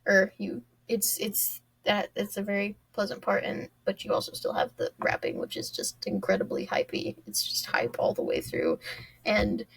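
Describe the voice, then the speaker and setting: A woman's voice: medium pitch, level tone, normal speed, gravelly, slightly rough. A young adult woman hosting a solo podcast, talking casually and rambling with lots of fillers and small laughs. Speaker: podcast host.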